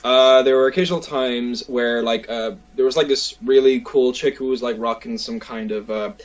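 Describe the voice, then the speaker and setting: A man hosting a casual chat, telling stories in an animated way with lots of fillers. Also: mid-range voice, normal speed, highs cut off. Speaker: podcast host.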